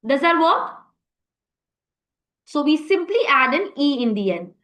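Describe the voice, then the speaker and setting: A woman's voice: sits high, big pitch swings, measured pace, a bit bright, reverberant, poor audio. A woman teaching a live online French class, encouraging students and praising them often. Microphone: video call.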